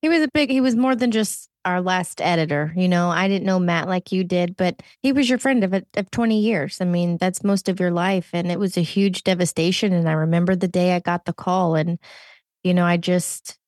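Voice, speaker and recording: A woman co-hosting a podcast speaks in a supportive, earnest way. Her voice sits on the low side for a woman, and the recording is dry and close. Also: normal speed, darkish tone, no echo. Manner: supportive, chiming in with agreement. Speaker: podcast co-host. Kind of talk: casual podcast conversation.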